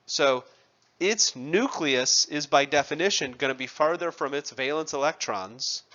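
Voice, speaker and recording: A man's voice: on the high side, a little slow, sharp tone, dull audio. A man teaching a chemistry class in a conversational lecture, asking his students questions and making wry asides.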